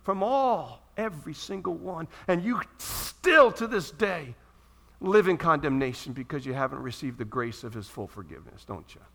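A male pastor preaching a sermon to his church, animated and acting out the voices of people pleading for forgiveness. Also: on the high side, moderate pace, gravelly.

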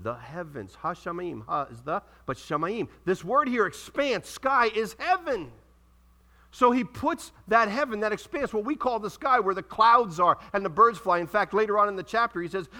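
A man preaching a sermon in a church, reading scripture aloud and calling out questions to the congregation with dramatic pauses. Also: sits high, very animated, sharp tone. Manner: preaching with dramatic pauses and audience call-outs. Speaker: pastor.

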